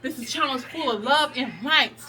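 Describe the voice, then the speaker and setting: A woman's voice: high voice, moderate pace, bright, forceful tone. A woman talking in a motivational workout vlog, sassy and emphatic, sometimes out of breath while exercising. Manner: sassy, preachy, emphatic, laughs often. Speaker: plus-size fitness vlogger. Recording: distant mic with music behind.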